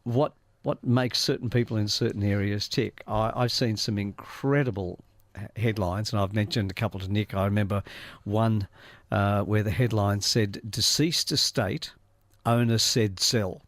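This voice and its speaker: A man's voice: lowish voice, steady tone, moderate pace, no room sound. A middle-aged man, a company chairman guesting on a radio show, telling stories in an easygoing way and chuckling often. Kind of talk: casual radio chat. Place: radio studio.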